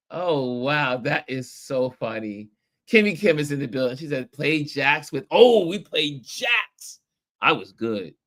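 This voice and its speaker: A middle-aged man hosts a relaxed livestream chat, reading comments and reminiscing. His voice sits a little high for a man, and he talks slowly, drawing words out. He laughs often and gets animated. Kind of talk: casual chat.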